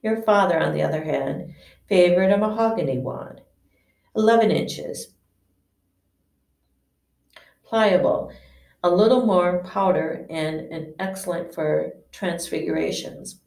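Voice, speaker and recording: A woman's voice: fairly low pitch, creaky, a little mellow. A woman voicing a musing old wandmaker. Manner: musing, measured, with hesitant restarts. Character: old male wandmaker, eerie and intense. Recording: echoey room, distant mic.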